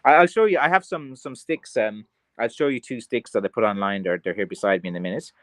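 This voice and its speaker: A man's voice: on the low side, fast talker, no echo. A man with an Irish accent hosting a livestream, chatting casually with viewers in a rambling way full of fillers and restarts. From Ireland. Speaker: craft seller hosting a livestream. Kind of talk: casual livestream chat, reading viewer comments.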